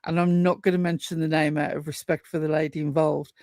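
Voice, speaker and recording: A woman's voice: low voice, level tone, fast, a little mellow, no room sound, clean studio sound. A woman co-hosting a casual live-stream chat, telling stories with an indignant, chatty manner. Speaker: co-host.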